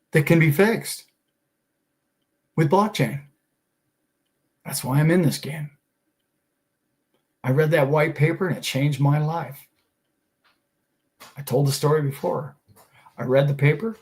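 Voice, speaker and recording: The host of a finance and crypto show, a middle-aged man with a slightly high voice, speaks casually and motivationally. He fires off rhetorical question after rhetorical question, sounding enthusiastic and a bit preachy.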